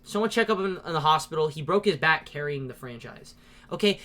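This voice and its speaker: Excitable podcast host with a mid-pitched voice, swearing through a casual movie rant. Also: a little fast. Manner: profane, ranting, excitable; laughs often while talking. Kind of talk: casual movie-review chat.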